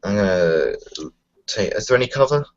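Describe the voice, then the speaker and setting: A man's voice: lowish voice, animated, normal speed. A man playing a tabletop game, unsure and hesitant, thinking aloud about his moves. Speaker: player. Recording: dull lo-fi home recording.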